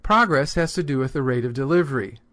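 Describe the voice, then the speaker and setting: A man giving a scripted, measured lesson on delivering sermons. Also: medium pitch, lively intonation, fairly bright tone. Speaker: homiletics teacher. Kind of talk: scripted instructional narration.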